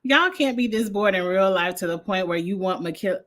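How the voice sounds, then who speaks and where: A woman, reviewing a reality show in a blunt, animated casual livestream chat with frequent laughter. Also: medium pitch, normal speed. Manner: blunt, animated, laughs often, uses slang.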